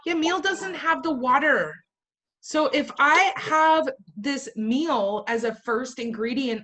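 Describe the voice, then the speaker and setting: A woman's voice: on the high side, fairly bright tone. A woman teaching a class in a playful way, firing questions at her students and tossing in jokey asides. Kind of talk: classroom lecture.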